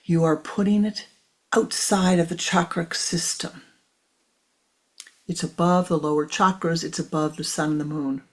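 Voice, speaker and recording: A woman spiritual teacher giving a slow guided teaching in a soft, measured voice that often drops to a hushed whisper. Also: fairly low pitch, steady tone.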